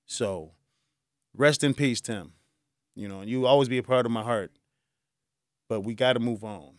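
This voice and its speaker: A man's voice: mid-range voice, normal speed, no room sound. Male talk-show host, casual and emotional monologue, dry close sound. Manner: emotional, heartfelt storytelling. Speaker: podcast host.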